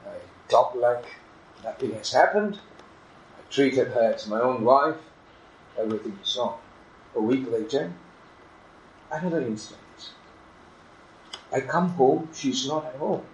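A man's voice: mid-range voice, measured pace, pauses often, roomy sound, slight background noise, poor audio. A man preaching a sermon in an earnest, emphatic manner, illustrating his points with a story.

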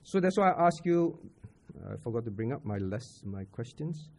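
A man's voice: mid-range voice, very animated, normal speed, darkish tone. A man with a Singaporean English accent preaching a sermon at a church camp. He talks to the audience conversationally, asks questions and repeats his points. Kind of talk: sermon teaching on scripture.

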